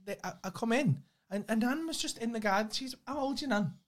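A man's voice: very high voice, lively intonation, fairly quick. A man co-hosting a podcast in casual chat, bantering in a laid-back way and acting out the voices of people he quotes. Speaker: podcast co-host.

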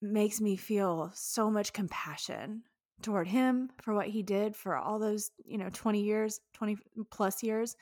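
A woman's voice: medium pitch, measured pace, darkish tone, no echo, studio quality. A woman hosting a solo podcast, talking in a candid, heartfelt way with frank swearing. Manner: emotional, speaks of tears. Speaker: podcast host.

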